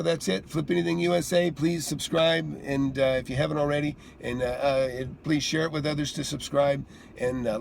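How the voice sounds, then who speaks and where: A man's voice: medium pitch, gravelly. A middle-aged man, a real estate investor hosting his own channel, telling a story in a casual, chatty way while driving, often restarting and acting out what people said. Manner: chatty, repeats and restarts, acts out quoted lines. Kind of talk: casual roadside vlog storytelling. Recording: light road noise from vehicle.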